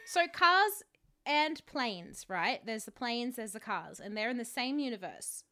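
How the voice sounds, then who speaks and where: A woman's voice: on the high side, big pitch swings, unhurried, bright, forceful tone. A woman co-hosting a podcast in casual chat, teasing and goofing around. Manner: teasing, playful, goofs around. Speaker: podcast co-host.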